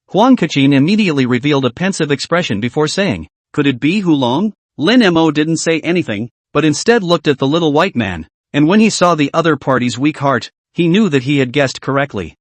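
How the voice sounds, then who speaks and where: A man's voice: a little high, dry recording. A man narrating a story recap, reading all the dialogue in the same narrating voice.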